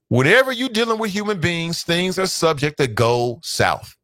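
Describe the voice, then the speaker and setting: A man in his thirties hosts a casual call-in radio show, his voice a touch higher than most men's. He reads listener messages, laughs freely and fires off opinions. The sound is close and dry, with no room around it. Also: moderate pace, few pauses, no echo. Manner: animated, laughing, mocks voices. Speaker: radio talk show host. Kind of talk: casual talk radio, reading listener comments.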